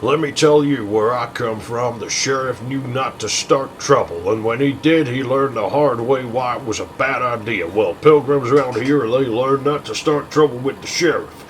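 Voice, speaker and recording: A man's voice: mid-range voice, normal speed, hardly any pauses, slight background noise, natural voice, rough recording. A man voicing blustering Old West cowboys from an old movie, in an exaggerated mock-tough drawl.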